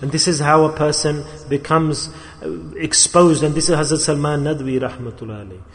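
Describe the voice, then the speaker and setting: High-voiced man preaching in a reverberant hall. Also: brisk. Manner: impassioned, rises and falls in emphasis, quotes figures in his own voice. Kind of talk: sermon storytelling.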